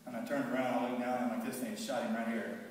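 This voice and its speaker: A man telling his own war story to a live audience in a halting, heavy way, often stopping and repeating words. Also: medium pitch, little pitch movement. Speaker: speaker recounting his war experience to an audience. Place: large hall with an audience. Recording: echoey hall, mic far off, faint background hiss.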